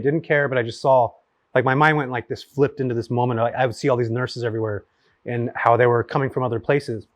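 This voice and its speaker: A man in his forties from California, a guest telling stories at his home in a casual chat, rapid and full of fillers. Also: medium pitch, no echo. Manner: rapid, animated storyteller with many fillers. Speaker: guest, real estate investor.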